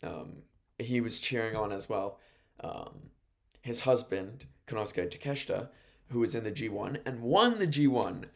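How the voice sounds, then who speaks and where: A young man hosts a laid-back sports show and reads through his notes on a wrestling event. His voice sits low with a gravelly, fry-laden edge. He talks in a loose, rambling way and chuckles at his own slip-ups. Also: expressive, normal speed. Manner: chatty, rambling, laughs at own note mistakes. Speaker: radio host. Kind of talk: casual wrestling recap from notes.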